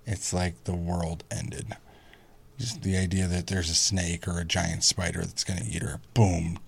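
A man in his thirties chatting casually as a podcast guest, telling family stories animatedly, swearing freely and mimicking squeaky kid voices. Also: level tone, unhurried, creaky, husky. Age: 30s. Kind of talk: casual chat.

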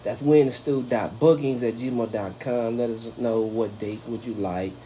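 A woman's voice: rumbling low, normal speed, warm tone, a little hiss or hum, poor audio. A woman hosting a podcast, talking in loose, joking, profane banter. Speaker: podcast host. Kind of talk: casual chat.

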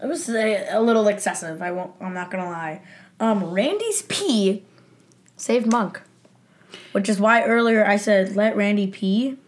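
A woman co-hosting a podcast, chatting casually about a TV episode, eager and quick to agree with her co-host. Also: medium pitch, expressive. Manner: enthusiastic, frequent agreeing backchannels. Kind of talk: casual chat recapping a TV episode.

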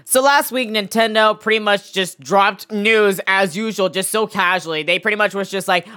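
Giggly bright-voiced woman podcast host. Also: mid-range voice, animated, measured pace, faint music behind. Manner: giggly, struggling to keep a straight face; apologetic, flustered. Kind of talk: gaming podcast monologue.

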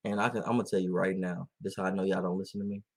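A man chatting casually on a podcast, telling animated stories and laughing often. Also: deep voice, very fast, breathy edge. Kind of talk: casual chat.

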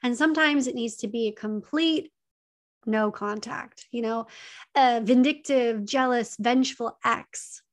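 Earnest woman giving advice, slightly high voice. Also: measured pace. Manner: earnest, repeats key points, conversational fillers. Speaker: advice speaker on emotional abuse. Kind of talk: direct-to-camera advice talk.

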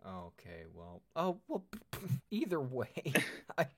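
A man's voice: mid-range voice, wildly swooping pitch, takes it slowly, dry recording, studio quality. A man co-hosting a podcast in casual chat, rambling and hedging as he talks. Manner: rambling, hedging, self-interrupting. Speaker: podcast co-host.

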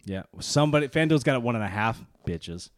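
A man co-hosting a casual sports podcast, joking and talking trash in quick banter. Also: mid-range voice, animated, no echo, clean studio sound. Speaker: podcast co-host. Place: studio room.

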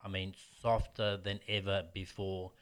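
A man's voice: low voice, unhurried, clean tone. A man, a martial arts teacher telling stories bluntly in casual interview chat. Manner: animated storyteller, blunt.

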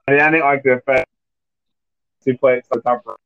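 A man's voice: mid-range voice, fairly even intonation, normal speed, creaky, clear, resonant tone, no room sound. A man co-hosting a casual podcast, rambling and hesitating with lots of "uh" and "like" while recapping wrestling. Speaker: podcast co-host. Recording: tinny phone-like call audio.

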